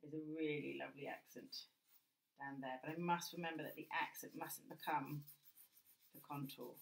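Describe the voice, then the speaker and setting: Woman, British accent, low voice, art teacher, gentle, thinks aloud mid-drawing. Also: steady tone, moderate pace, creaky. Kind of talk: drawing lesson while working.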